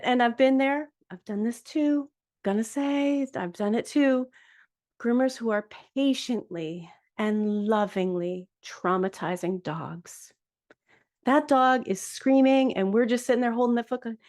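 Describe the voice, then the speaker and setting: Fifties woman, groomer hosting her own podcast; frank, chatty, a touch high-pitched. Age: 50s. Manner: frank, chatty, with fillers and laughs. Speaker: podcast host, dog groomer. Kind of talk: casual solo podcast talk.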